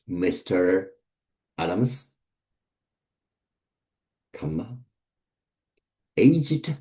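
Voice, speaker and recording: This is a man with a low, mellow voice, an English teacher leading an informal vocabulary session. Full of fillers and a bit unsure, he works through the word pairs individually.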